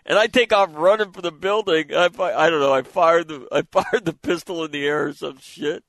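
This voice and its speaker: A man's voice: fairly high pitch, fairly quick, no room sound. Older man telling rowdy stories, dry sound. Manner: animated, laughing anecdotes with crude swearing. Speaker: host. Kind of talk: casual storytelling chat.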